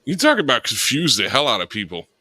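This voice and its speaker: Bright-voiced joking man. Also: mid-range voice, wildly swooping pitch, fast, dry recording, poor audio. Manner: joking, riffing. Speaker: radio show co-host. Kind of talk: casual comedic chat.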